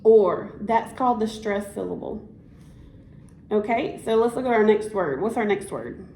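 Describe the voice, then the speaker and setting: A woman's voice: medium pitch, expressive, normal speed, dark tone, slight background noise. Encouraging woman teacher in an echoey room. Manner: encouraging, praising, prompts repeat-after-me. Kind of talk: one-on-one classroom instruction.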